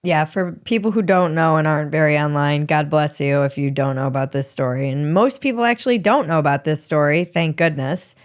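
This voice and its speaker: A woman's voice: deep voice, fairly quick, few pauses. A woman hosting a podcast, chatting casually with blunt, wry asides. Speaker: podcast host. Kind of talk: casual interview chat.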